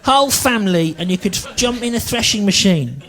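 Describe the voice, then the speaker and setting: A woman's voice: medium pitch, animated, fairly quick, noisy background, pitched above the performer's own voice, natural voice. A man voicing an indignant elderly grandmother who rambles and complains. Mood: shrill outrage. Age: older.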